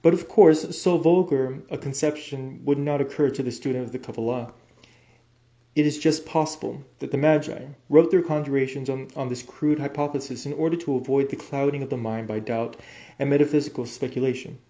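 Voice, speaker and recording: A man reading an esoteric book aloud as an audiobook, measured and deliberate, now and then stumbling and restarting a word. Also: mid-range voice, fairly even intonation, dark tone, dull audio. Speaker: audiobook reader. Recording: roomy, echoey room sound.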